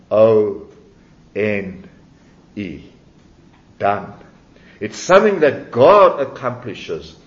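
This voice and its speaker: A man preaching a sermon, emphatic and measured, with dramatic pauses. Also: mid-range voice. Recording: roomy, dull lo-fi sound.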